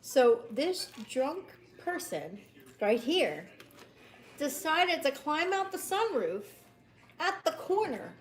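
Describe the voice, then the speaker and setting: A woman's voice: sits high, very animated, slow pace. A woman telling a funny story in casual chat on a live stream, laughing often as she talks.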